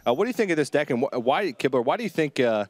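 Male desk host, lively rising-and-falling voice, dry close sound. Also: fairly high pitch, rapid-fire, no echo. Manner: leads discussion with questions. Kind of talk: analysis desk hosting.

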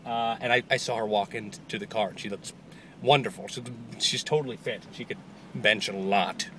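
A man vlogging casually outdoors, rambling excitedly about birthday gifts and giggling often. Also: fairly low pitch, normal speed, a little hiss or hum. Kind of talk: casual chat. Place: outdoors near a parking lot.

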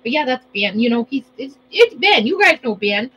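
A woman's voice: high-pitched, very animated, moderate pace, pushed and bright, a little hiss or hum, low-quality recording. A woman chatting casually while cooking, rambling and playful, often correcting herself. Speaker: vlogger.

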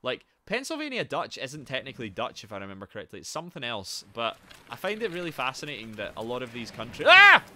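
A man streaming a game, chatting casually, excitable and swearing, breaking into shouts. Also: medium pitch, fast, few pauses. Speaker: gaming streamer.

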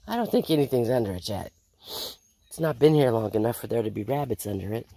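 A woman vlogging outdoors in her backyard garden. She rambles in a casual, unhurried way, sounds a little out of breath, and feels unwell. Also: rumbling low, lively intonation, warm tone. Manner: rambling, unhurried, with repeated sign-offs. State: feeling unwell. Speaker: homestead vlogger. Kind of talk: casual chat.

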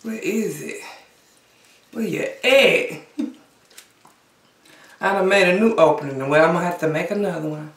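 A woman's voice: lowish voice, normal speed, long pauses. A woman hosting a casual eating show, chatting and humming over her food between bites. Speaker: mukbang host. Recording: echoey room, a bit far from mic.

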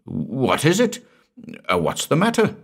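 A man's voice: on the low side, sing-song, unhurried, pitched above the performer's own voice, heavily acted. A man voicing a stout, hearty male commercial traveller with a blustering manner. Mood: brusque.

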